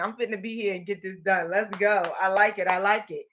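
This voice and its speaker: A woman's voice: mid-range voice, brisk, hardly any pauses, a bit bright, highs cut off. A woman hosting a live stream, energetically encouraging viewers and reading their comments aloud. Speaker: motivational livestream host.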